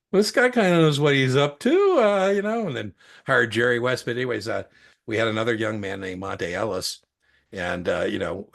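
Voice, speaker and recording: A man's voice: low voice, vocal fry, a bit bright, husky. A middle-aged man telling long, rambling anecdotes in casual chat, with many restarts and fillers. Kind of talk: casual storytelling.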